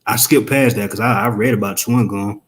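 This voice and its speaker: A man ranting on a casual live stream, profane and emphatic, firing off rhetorical questions in quick rambling bursts. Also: lowish voice, fairly even intonation. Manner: fast rambling outbursts.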